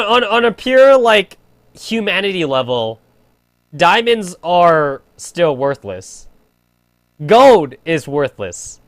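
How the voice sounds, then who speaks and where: A man's voice: on the high side, a bit bright, no room sound. A young man streaming a game, rambling in crude casual chat full of filler "like". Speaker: gaming streamer.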